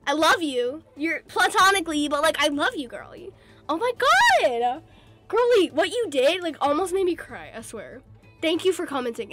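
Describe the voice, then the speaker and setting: A woman doing casual gaming commentary, excitable and slangy, squealing at her wins. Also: sits high. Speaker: gaming video creator.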